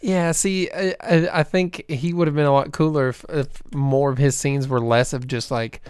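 A man's voice: mid-range voice, fairly even intonation, normal speed, hardly any pauses, a little mellow, clean tone, dry recording. A man co-hosting a podcast, joking dryly in a casual chat about a film. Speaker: podcast co-host.

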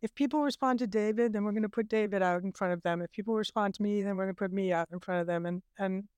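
A woman's voice: medium pitch, fast, darkish tone, clean tone, no echo. A woman documentary director chatting in an interview in a friendly way. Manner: friendly, laughs while talking. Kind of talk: casual interview talk.

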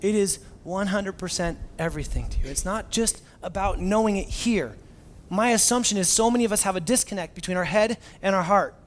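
A man in his thirties with a fairly high voice gives a sermon as a pastor. He tells it like a chatty, self-mocking story, full of fillers and asides. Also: a little fast, a little hiss or hum.

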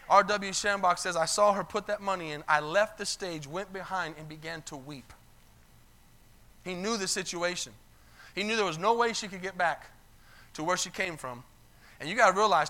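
A man's voice: sits high, sharp tone. A male pastor preaching a sermon to his church, telling a story with quoted lines and calling out for amens. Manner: retells stories in quoted voices, calls for amens. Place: church sanctuary.

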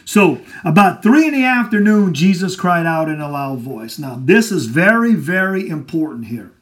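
A man's voice: fairly high pitch, sing-song, unhurried, hardly any pauses. A man preaching a Bible teaching sermon, emphatic, asking questions and answering them himself. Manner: emphatic, asks and answers his own questions.

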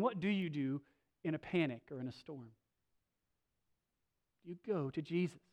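Man preaching with dramatic loud-soft swings. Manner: swings between loud slow emphasis and soft low asides; conversational, with filler restarts. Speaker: pastor. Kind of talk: sermon.

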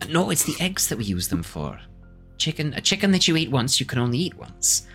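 Bright and lively, this is a Scottish-voiced woman from a floating raft town, played by a man as game master, boasting about local food with a bright edge. Her pitch swings widely, and soft music plays behind her. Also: fairly quick. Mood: proud. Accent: put-on Scottish. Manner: boastful local guide telling tall food jokes.

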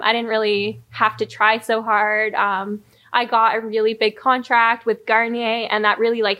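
A young woman in her twenties, a guest in a casual chat, telling lively stories and laughing often. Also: medium pitch. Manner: animated storyteller, laughs often, acts out quotes. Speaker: guest, influencer.

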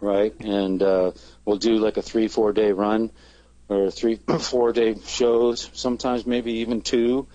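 A man's voice: on the low side, level tone, takes it slowly, mellow, no echo, highs cut off. A man, a touring band's singer, chatting casually in an interview and rambling with many fillers and restarts. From Canada.

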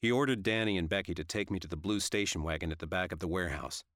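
A man narrating a first-person story in a steady, even way. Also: low-pitched, fast, no room sound, clean studio sound. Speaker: audiobook narrator.

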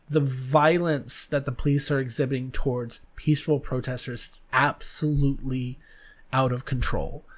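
A man hosting a podcast, talking frankly in a casual monologue that turns earnest and heated. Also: on the high side. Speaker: podcast host.

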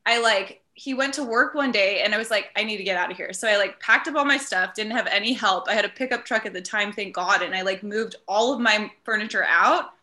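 A woman's voice: mid-range voice, brisk, hardly any pauses, sharp tone. A young woman from the Chicago suburbs, a Pilates instructor guesting on a podcast, telling a personal story in a chatty way full of "like". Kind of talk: casual podcast chat.

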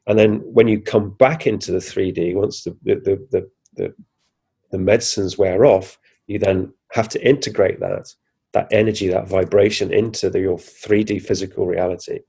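Guy on a podcast, husky rough voice, animated storytelling with lots of restarts. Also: lowish voice. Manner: animated retelling, acting out his own reactions, frequent restarts. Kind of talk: casual first-person storytelling.

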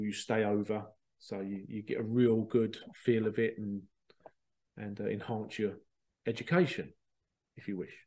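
Mellow-voiced man telling a rambling story. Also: on the low side, gravelly, slightly rough. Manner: excitable, rambling, repeats himself, swears casually. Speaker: spiritual medium and podcast host. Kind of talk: casual storytelling monologue.

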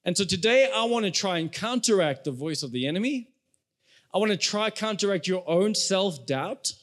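A young adult man, a pastor, preaching a sermon in a conversational way and speaking straight to the congregation. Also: high voice.

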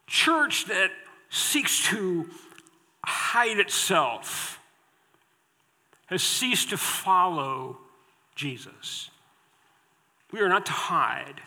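A man's voice: sits high, sharp tone. A man preaching a sermon from the pulpit, emphatic and repeating his key phrases. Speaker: pastor. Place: church sanctuary at the pulpit. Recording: long hall reverb in a church.

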